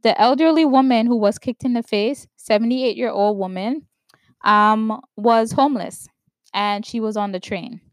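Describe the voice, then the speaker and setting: A woman from New York giving opinion commentary, stressing words slowly and checking in with "right?". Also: fairly high pitch, no room sound. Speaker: vlogger commenting on news.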